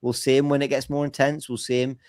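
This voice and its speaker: A man hosting a football podcast from a remote call, explaining tactics in long, analytical stretches. His voice sits at a middling pitch. The sound is dry and close, with no room around it. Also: level tone, fast, a little mellow, smooth, dry recording. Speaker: podcast host. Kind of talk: casual football podcast chat.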